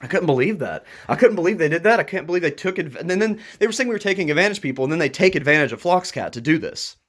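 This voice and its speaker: A man talking to camera in a frustrated, agitated rant, breaking into nervous laughs, his voice jumping higher when worked up. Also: expressive, rapid-fire, a bit bright. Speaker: YouTuber.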